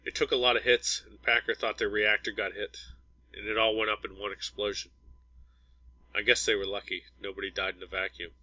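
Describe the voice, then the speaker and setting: A man's voice: fairly low pitch, level tone, a little fast, pushed and bright, dry recording, rough recording. A man voicing a grieving, blunt starship captain who gives firm, clipped orders.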